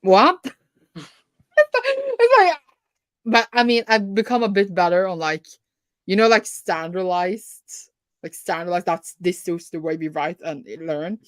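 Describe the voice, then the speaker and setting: A woman's voice: lowish voice, fairly even intonation, moderate pace, no room sound. A woman from Norway with a Bergen accent, chatting casually with a friend during a reading sprint, giggly and full of fillers. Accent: Norwegian, Bergen. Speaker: booktuber co-host. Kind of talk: casual chat on a reading stream.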